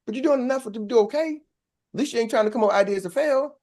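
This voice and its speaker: A man coaching a sales team, preaching with call-and-response and acting out quick little voices. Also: very high-pitched, darkish tone. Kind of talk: motivational training talk.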